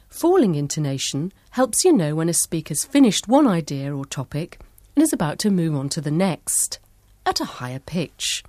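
Female presenter, lowish voice with lively intonation, clear measured scripted narration. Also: no room sound. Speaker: programme presenter.

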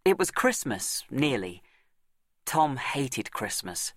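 A man reading a story aloud as narrator, measured and deliberate, with dramatic pauses and slowed words for emphasis. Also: medium pitch, big pitch swings, fairly bright tone, dry recording, studio quality.

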